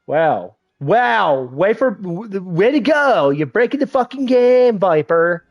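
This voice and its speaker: A man streaming a game, talking casually in a profane, excitable, teasing way, with congested sinuses. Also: sits high, slow pace, no echo, lo-fi sound. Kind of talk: casual gaming livestream commentary.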